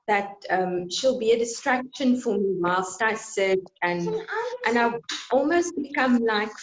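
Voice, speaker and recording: A woman sharing her experience in a meditation class, speaking slowly and reflectively with some hesitation. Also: a little high. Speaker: meditation student. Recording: dull lo-fi video call audio.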